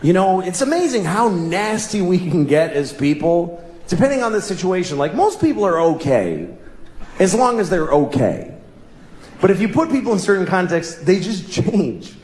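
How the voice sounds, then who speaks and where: A man performing a stand-up comedy routine for a live audience, exasperated, swinging from a low mutter to yelled punchlines. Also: very animated, normal speed. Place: large hall with live audience. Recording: roomy live hall, audience laughter.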